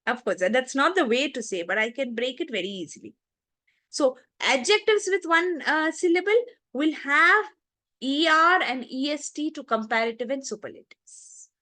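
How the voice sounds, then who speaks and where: A woman teaching a children's class online, her fairly high voice walking through rules step by step and checking in with the pupils. She is recorded close to the mic, with a dry sound and no room around her. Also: lively intonation, normal speed, bright, forceful tone, no echo. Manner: explains step by step, repeats word forms aloud, checks in with the class. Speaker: English teacher.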